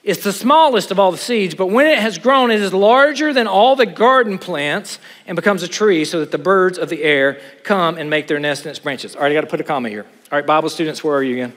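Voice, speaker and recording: High-voiced preacher in a reverberant hall. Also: male voice, brisk, hardly any pauses. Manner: animated, joking asides, rhetorical questions. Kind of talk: sermon.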